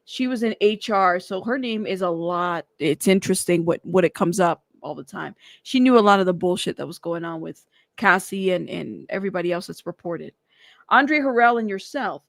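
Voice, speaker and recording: A woman's voice: on the low side, expressive, moderate pace, creaky, no room sound, studio quality. A woman hosting a casual live stream, talking in a sassy, teasing way and laughing often. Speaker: live-stream news host.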